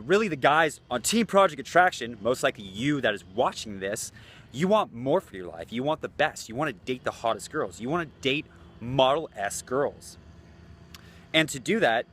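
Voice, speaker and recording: A man's voice: mid-range voice, a bit bright, slight background noise. A man talking as a dating coach in a loose, blunt, casual way, swearing freely. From United States. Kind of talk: casual talking-head vlog.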